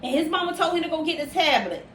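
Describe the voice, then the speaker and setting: A woman's voice: sits high, expressive, quick pace, a bit bright, echoey room, slight background noise. A woman hosting a casual podcast, talking emphatically and repeating phrases for stress as she grows heated. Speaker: podcast host.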